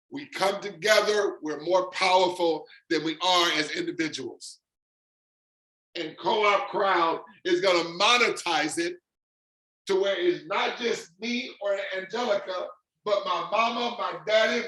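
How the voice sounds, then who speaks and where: A man giving an excited, emphatic sales pitch, stretching out his stressed words. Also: reverberant, low-quality recording. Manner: fired-up, emphatic, drawn-out stresses. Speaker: presenter of an online income demonstration.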